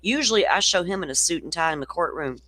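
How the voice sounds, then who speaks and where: A woman's voice: lowish voice, expressive, fast, bright, forceful tone. A woman with a Southern accent hosting a casual true-crime chat, blunt and salty, swearing freely. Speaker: host.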